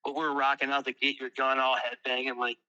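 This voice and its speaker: A man who is a guest musician, telling tour stories in a casual interview, animated and swearing freely. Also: mid-range voice, a little fast, dull audio.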